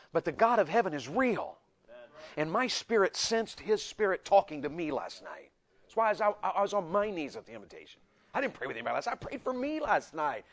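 Man preaching, loud to soft. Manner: swings from loud to soft and low, acts out voices. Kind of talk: sermon to men.

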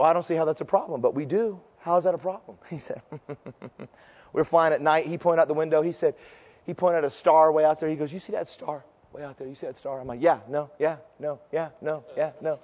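High-voiced preacher in a reverberant hall. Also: male voice. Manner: impassioned, shifts from shouting to quiet storytelling. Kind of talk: sermon with storytelling.

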